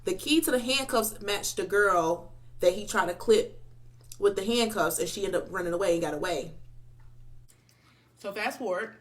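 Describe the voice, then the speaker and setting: A woman's voice: medium pitch, moderate pace, long pauses. A woman vlogger telling a long story in a casual, rambling way, with many fillers and restarts, while eating between sentences. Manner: talks between bites of food. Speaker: mukbang vlogger.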